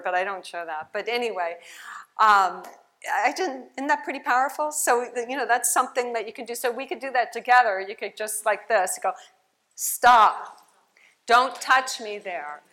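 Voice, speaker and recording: A woman speaks at a conference keynote with a bright, clear-edged voice. Her talk is chatty and animated, a play therapist telling stories to the audience through a microphone. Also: on the high side, fairly quick. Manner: chatty, animated storytelling with laughs. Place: conference hall.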